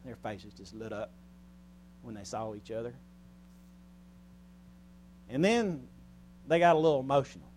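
A man preaching a sermon in a church, speaking earnestly, rising loud and then dropping soft and quiet. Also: medium pitch, expressive, measured pace, long pauses, a little hiss or hum.

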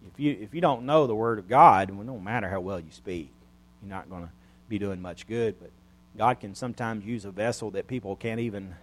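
Earnest folksy preacher man. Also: fairly high pitch. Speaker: pastor. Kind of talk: sermon.

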